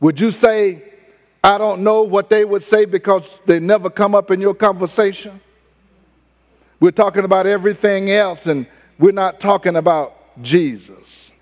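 High-voiced preacher in an echoing sanctuary. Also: male voice, fairly even intonation. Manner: conversational preaching, drawn-out emphasis, folksy phrasing. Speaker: pastor. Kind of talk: sermon. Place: church sanctuary.

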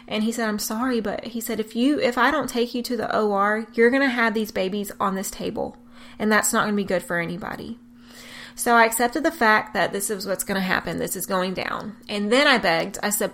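A young woman telling, with deep emotion and earnest candor, the story of her twins' premature birth. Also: fairly even intonation, fairly quick, a bit bright. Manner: emotional, tearful at times, earnest. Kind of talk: personal testimony.

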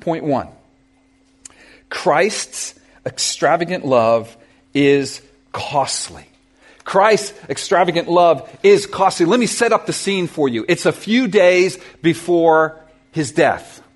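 A man preaching a sermon to his church, telling a Bible story with lively questions to the congregation. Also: high-pitched, a little slow. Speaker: pastor.

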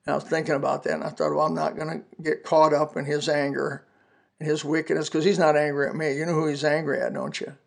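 This man in his seventies talks fast in his podcast testimony sermon, his raspy, gravelly voice pitched a little high and barely moving in tone. He's earnest and folksy, weaving scripture quotes into his personal story.

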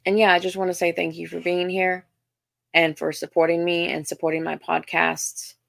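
A woman's voice: lowish voice, monotone, moderate pace, vocal fry, no room sound. Southern woman, young, podcast host; casual, self-mocking, stumbly delivery, dry close recording. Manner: chatty, self-deprecating, frequent restarts and ums. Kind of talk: casual storytelling monologue.

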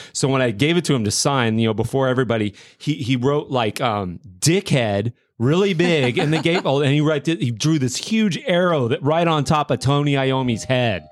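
A man's voice: medium pitch, no room sound, studio quality. Man telling stories on a podcast. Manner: quick, animated anecdote-telling with fillers. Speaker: podcast host. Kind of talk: casual chat, storytelling.

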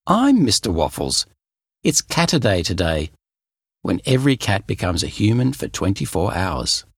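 A man's voice: low voice, huge pitch swings, moderate pace, creaky, husky, no room sound, studio quality, heavily acted. A man voicing a cat turned into a man, breezy and matter-of-fact, in a storybook reading. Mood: cheerful. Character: cat turned man, cheerful and food-loving.

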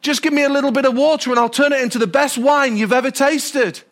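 A preacher doing Jesus, gently pleading. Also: male voice, very high-pitched, fast talker. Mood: gentle. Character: Jesus, patient gentle grown man, pleading.

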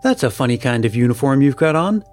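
A man voicing a curious, excitable little boy who speaks eagerly in a storybook reading. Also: medium pitch, quick pace, natural voice.

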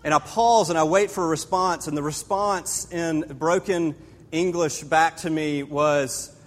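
A man's voice: fairly high pitch, steady tone, unhurried. A man preaching a conversational sermon, telling a personal story with casual asides to the congregation. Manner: casual, storytelling, speaks straight to the audience with asides. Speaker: pastor. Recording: long hall reverb.

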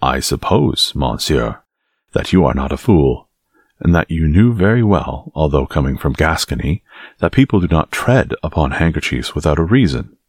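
Brief: cold, courteous young musketeer in a storybook, read by a deep, husky man. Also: big pitch swings, dry recording, studio quality, heavily acted. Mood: stern. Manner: measured, coldly courteous.

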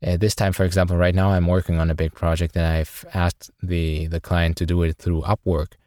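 A man's voice: low-pitched, flat delivery, brisk, darkish tone. A man whose first language is not English, asking a question in a polite, hesitant way with many fillers. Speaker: caller. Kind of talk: recorded audio question. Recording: dry clean home recording.

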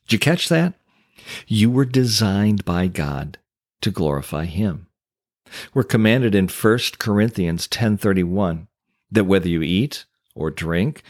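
Male podcast host, low-pitched, dry studio sound, emphatic preacherly delivery. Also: no echo. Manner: emphatic, rhetorical questions, preacherly. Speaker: podcast host and Christian coach. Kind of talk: scripted podcast teaching.

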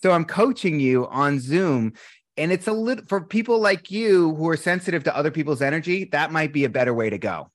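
Guy, breathwork coach, fired-up storyteller, swears a lot, kinda high voice, dry close mic. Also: a little fast, no echo. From Boston. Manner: animated storyteller, blunt, swears casually. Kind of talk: casual interview chat.

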